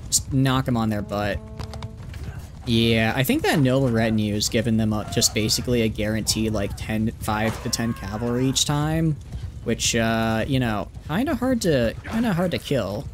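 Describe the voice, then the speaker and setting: A man's voice: medium pitch, background noise. A man streaming a game live, giving playful, rambling commentary full of "like" fillers. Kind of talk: casual live gameplay commentary.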